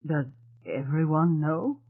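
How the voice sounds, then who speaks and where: A narrator voicing an older grey-haired woman who speaks in a low, gravelly, hushed way, over a tinny phone-like sound. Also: expressive, takes it slowly, full character voice. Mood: shaken.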